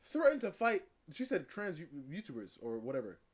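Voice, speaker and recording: A man hosting a live stream, chatting casually as he reacts to a video, animated and laughing, repeating words for emphasis. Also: on the high side, fairly quick.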